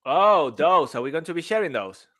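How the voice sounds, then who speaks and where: A man's voice: a little high, animated, normal speed, a bit bright. A man, a Spanish speaker, cohosting a podcast in playful casual banter and often repeating his words. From Venezuela. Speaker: podcast co-host.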